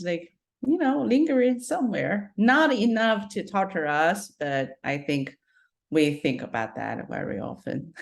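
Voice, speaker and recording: A woman co-hosting a podcast, reflecting in casual chat and laughing lightly between thoughts. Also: medium pitch. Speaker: podcast co-host.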